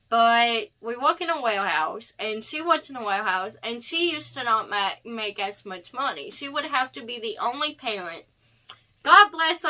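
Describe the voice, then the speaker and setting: A woman's voice: on the high side, sharp tone. A young woman telling a personal story in a chatty, heartfelt vlog, rambling with asides. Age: young adult. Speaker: vlogger.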